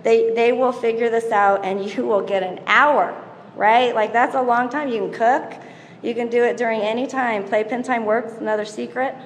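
A chatty woman with a somewhat high voice gives parenting advice to a live audience, acting out little scenes as she talks. Her voice rings through a large hall with a long, echoey reverb and a faint hum of room sound behind it. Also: moderate pace. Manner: chatty, animated, acts out scenes and quotes. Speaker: speaker giving parenting advice. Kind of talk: casual talk to a live audience.

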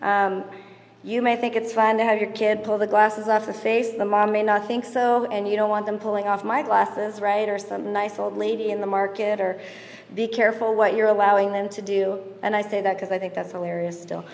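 A woman's voice: medium pitch, flat delivery, normal speed. A middle-aged woman teaching a parenting class in a chatty way, telling stories about her kids, laughing and mimicking them. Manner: moves around constantly while talking. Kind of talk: casual teaching talk to mothers. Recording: roomy hall reverb, faint background noise.

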